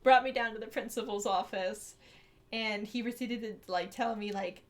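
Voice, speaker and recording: A woman's voice: mid-range voice, fairly even intonation, normal speed. A young woman co-hosting a podcast, telling a story in casual chat, swearing freely, laughing often and acting out the voices she quotes. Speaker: podcast co-host.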